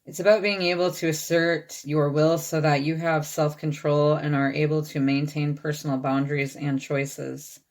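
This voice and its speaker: Low-voiced woman giving a tarot reading. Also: level tone, moderate pace, hardly any pauses, a little mellow. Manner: reads card texts aloud, checks in with "okay?". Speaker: tarot reader.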